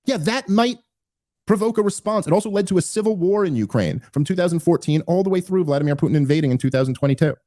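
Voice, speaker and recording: A man hosting a podcast, giving casual political commentary in an animated, emphatic way with frequent restarts and fillers. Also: fairly high pitch, very fast, few pauses, no room sound. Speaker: podcast host.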